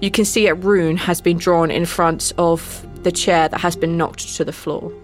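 Playful woman game master. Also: on the low side. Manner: descriptive, playful, often laughing. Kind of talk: narrating a tabletop game.

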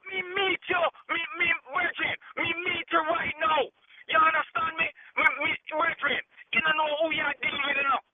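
A man's voice: extremely high pitch, level tone, normal speed, very noisy. A man with a Jamaican accent on a phone call, talking in heavy patois and repeating himself. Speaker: prank call target. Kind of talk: heated phone argument. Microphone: phone line.

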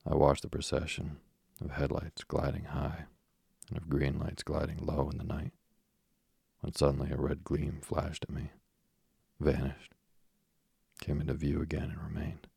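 Male storyteller, husky and gravelly, close and dry, steady measured narration. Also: rumbling low, no room sound. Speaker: audiobook narrator. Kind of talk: first-person literary narration.

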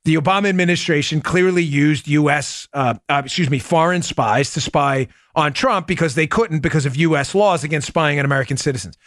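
A man's voice: on the high side, a little fast, hardly any pauses, a bit bright, no room sound, clean studio sound. A man hosting a political commentary podcast, talking emphatically and combatively, often calling his listeners folks. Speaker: podcast host.

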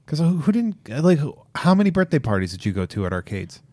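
A man's voice: fairly high pitch, big pitch swings, fast, warm tone, dry recording. A man co-hosting a casual podcast, playful and full of crude jokes. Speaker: podcast co-host.

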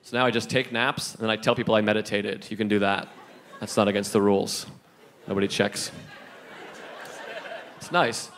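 A man's voice: fairly low pitch, flat delivery, moderate pace, pauses often, a bit bright. A man doing stand-up with a dry, laid-back delivery on a comedy club stage. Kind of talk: stand-up set. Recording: live club set with crowd and noise. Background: audience laughter.

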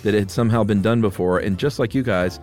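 Male podcast co-host, low-pitched, casual, laughs often, faint music underneath. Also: fast talker. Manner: relaxed, laughs easily. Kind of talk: casual chat, reading listener mail.

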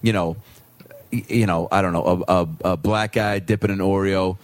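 A man's voice: low-pitched, normal speed, no room sound. A man co-hosting a comedy podcast, telling made-up scenes with lots of laughter. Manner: animated storyteller, laughs often, acts out scenes. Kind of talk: improvised comedy chat.

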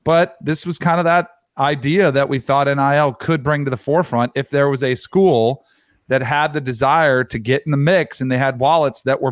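Easygoing mid-pitched podcast man. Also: no room sound, clean studio sound. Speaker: podcast co-host. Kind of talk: casual sports chat.

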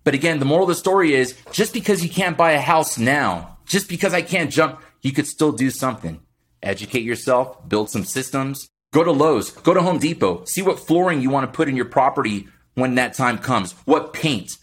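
A man speaking as a podcast guest, in an energetic, motivational chat style, often tagging his points with a quick "right?". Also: medium pitch, husky. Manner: energetic, keeps adding "right?".

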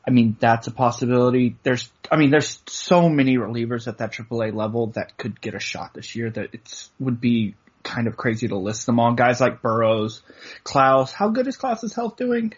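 A man's voice: mid-range voice, normal speed, husky, highs cut off. A man co-hosting a casual sports podcast in an easygoing way, often saying "I mean". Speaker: podcast co-host.

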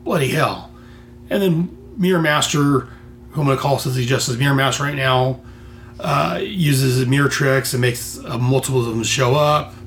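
An American man talks through a comic on his podcast in a mid-range, somewhat bright voice at a moderate pace. It's casual solo commentary from a comics-reviewing host, enthusiastic but rambling and full of restarts, with a faint hiss or hum.

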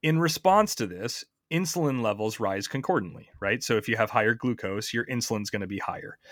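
A man's voice: fairly low pitch, brisk, fairly bright tone, no echo, clean studio sound. A man hosting a podcast, explaining science in a chatty way, quizzing his co-host and often restarting his sentences.

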